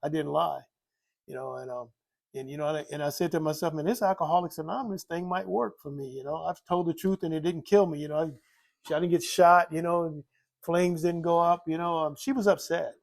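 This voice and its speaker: Telling his story as a recovering alcoholic, an older man speaks briskly in a steady, gravelly, somewhat high voice. His candid account of drinking and recovery wanders, circles back over his own words, and is thick with fillers.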